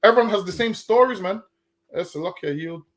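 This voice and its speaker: High-voiced Englishman arguing earnestly. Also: brisk. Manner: earnest, reasoning aloud, stumbles and restarts. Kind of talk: casual discussion.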